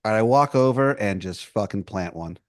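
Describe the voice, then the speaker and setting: A man playing along in an improvised comedy podcast, laid-back and quick to laugh. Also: on the low side, dry recording, clean studio sound. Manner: laid-back, laughs often, deadpan replies. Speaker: improv player.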